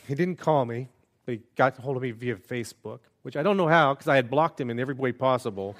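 A man's voice: mid-range voice, fairly bright tone. A man preaching a sermon as a pastor, earnest and conversational, with self-deprecating asides.

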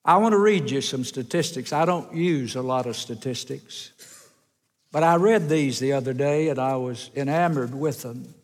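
A man preaching a sermon, telling folksy stories and swinging his voice up and down. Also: normal speed. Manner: folksy storytelling with wide swings in pitch and loudness. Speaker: pastor. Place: church sanctuary. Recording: long church hall reverb.

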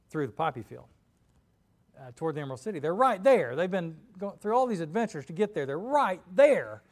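A male preacher giving a sermon in a loose, conversational style, candid about himself. His voice sits a little high, and he grows animated when retelling a story. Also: a little fast.

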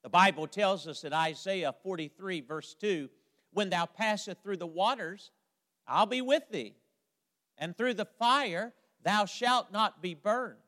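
Man, preacher, sermon, emphatic, drawn-out phrase endings, high voice, long reverberant hall. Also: sharp tone.

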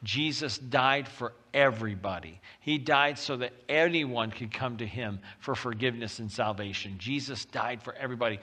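A man preaching a sermon as pastor, talking in a lively, conversational way and reading scripture aloud with rising intensity. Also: mid-range voice, normal speed, few pauses. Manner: animated and conversational, often acting out quotes.

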